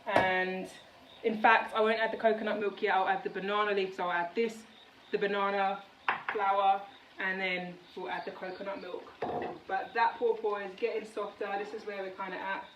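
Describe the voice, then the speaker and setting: A woman from the United Kingdom talks her way through a cooking vlog, chatty and rambling with plenty of fillers. Her voice sits at an ordinary middle pitch. It carries the ring of a roomy kitchen, picked up from a distance with faint background sound. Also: little pitch movement, moderate pace, highs cut off, background noise. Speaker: vlogger. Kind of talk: casual cooking vlog chat. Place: home kitchen.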